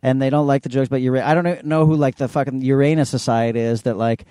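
A middle-aged man co-hosting a podcast, ranting animatedly in casual chat and mimicking others in high voices. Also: fairly even intonation, fast, warm tone, clear, resonant tone, dry recording. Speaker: podcast co-host.

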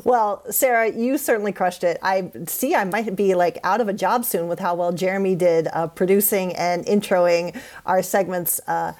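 A woman's voice: on the low side, a little mellow. A woman hosting a casual podcast, chatty and upbeat as she wraps up the episode. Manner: upbeat, chatty sign-off with quick asides. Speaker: podcast host.

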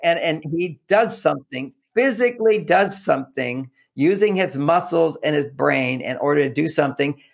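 Relationship advice comes from an interview guest whose voice is fairly high and a bit gravelly. Animated and at a moderate pace with few pauses, he doubles up on words for emphasis and performs little back-and-forth exchanges as quoted lines.

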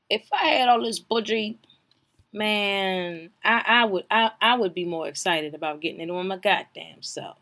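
A woman hosting a podcast, giving a casual comedic recap, animated and profane, swinging from loud exclamations to hushed asides. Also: mid-range voice, moderate pace. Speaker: podcast host recapping a reality show.

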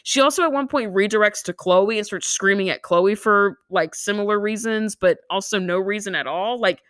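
A young woman co-hosting a podcast, chatting casually and telling a story with lively impressions of the people in it. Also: moderate pace, no echo. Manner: animated storyteller, mimics people in shrill voices. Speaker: podcast co-host. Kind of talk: casual chat recapping a reality show.

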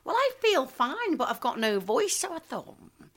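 Lively Liverpool actress in her fifties. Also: high voice, normal speed. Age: 50s. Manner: lively storyteller, laughs easily. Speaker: actress and singer, guest. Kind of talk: casual chat interview.

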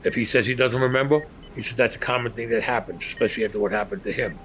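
A man's voice: medium pitch, quick pace, a bit bright, slight background noise. A man telling a blunt, profane story as an interviewee, acting out the dialogue as he goes. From New York. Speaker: former mobster interviewee.

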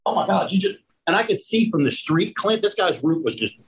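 A man, a roofing contractor, telling lively stories in a casual conversation and acting out the people in them. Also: sits high, a little fast, husky, poor audio. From Pennsylvania. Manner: animated storyteller who acts out the people in his story.

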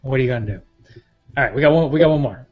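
A man's voice: mid-range voice, rapid-fire, lo-fi sound, faint music behind. Laid-back male podcast host. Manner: laid-back, laughs easily. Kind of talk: casual chat.

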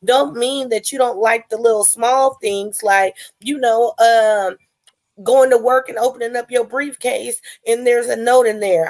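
A woman's voice: fairly high pitch, measured pace, a little mellow. Loose, casual woman panelist. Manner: loose and casual, quotes people, swears offhand. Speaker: review panelist. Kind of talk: casual show recap chat.

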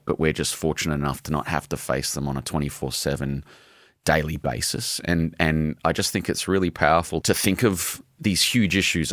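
A man's voice: a bass voice, fairly bright tone, dry recording, studio quality. A man, middle-aged, an author talking in an interview, earnest and heartfelt, swearing casually. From Australia. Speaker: author guest. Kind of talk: emotional interview talk.

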